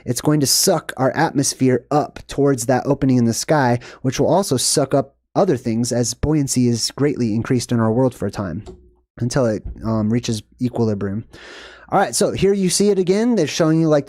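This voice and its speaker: Man, movie commentary host, mellow tone, dry close sound, rambling casual delivery. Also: dry recording. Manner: rambling, checks in with "okay?" and "boom". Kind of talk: casual screen-share commentary.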